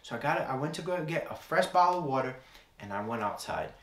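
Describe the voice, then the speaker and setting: A man's voice: medium pitch, animated, fast talker, a bit bright, reverberant. A young man preaching a sermon, telling a personal story in an earnest way and repeating key phrases.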